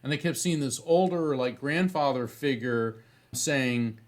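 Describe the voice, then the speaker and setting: A man's voice: mid-range voice, a little slow. A middle-aged man, a psychic medium guest, telling anecdotes in conversation, rambling with many fillers and restarts.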